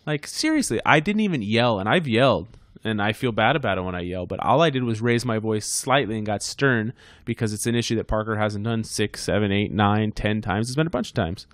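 A man's voice: fairly low pitch, fairly quick, hardly any pauses, dry recording. A man co-hosting a casual podcast, telling a heated story with lots of swearing. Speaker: podcast co-host.

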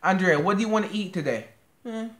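A man's voice: high-pitched, animated, fast, fairly bright tone. American man, co-host, bantering and defensive, roomy echo. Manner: teasing, playfully defensive. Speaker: co-host of a couple's channel. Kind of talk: casual couple banter.

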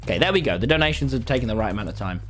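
A man streaming a game, talking loudly and excitably and yelling in bursts. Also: mid-range voice, racing, soft background music. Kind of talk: live-streamed gaming chat.

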